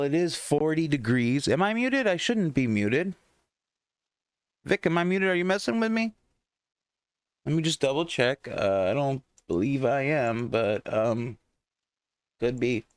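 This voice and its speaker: A man's voice: fairly high pitch, sing-song, a little slow, clear, resonant tone, no room sound. Rambling, chatty male livestream host. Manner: rambling, chatty, restarts sentences often. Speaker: livestream morning show host. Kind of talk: casual live stream chat. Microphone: desktop microphone at a computer.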